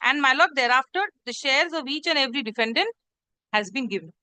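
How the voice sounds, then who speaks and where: High, bright-voiced woman advocate. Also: animated, fairly quick, poor audio. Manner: formal and deferential, constantly addressing "my lord". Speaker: advocate arguing before a judge. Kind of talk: formal courtroom submission. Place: courtroom hearing, live-streamed.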